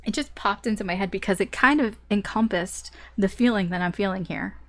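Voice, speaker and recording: A woman doing a casual tarot reading, chatty and animated, who laughs often and swears casually. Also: medium pitch, brisk. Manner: animated storytelling. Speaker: tarot reader.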